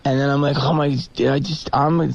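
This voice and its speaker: A man, a comedian guest on a radio show, telling stories casually with a sore throat and quick character voices. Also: mid-range voice, level tone, creaky, muffled recording.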